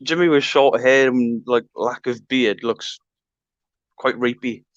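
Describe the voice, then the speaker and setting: A Welsh man trades dry, crude quips in a relaxed live stream chat. His voice comes through muffled and lo-fi, with a dead, dry sound and no room around it. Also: mid-range voice, slow pace, no room sound.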